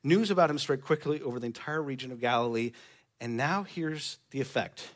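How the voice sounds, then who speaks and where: A man's voice: medium pitch, fairly quick. A male pastor preaching a sermon in a church, conversational and joking with the congregation.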